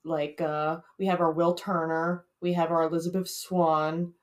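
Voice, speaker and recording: Woman tossing in jokes, lowish voice. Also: little pitch movement, unhurried, darkish tone. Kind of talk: casual comedic banter.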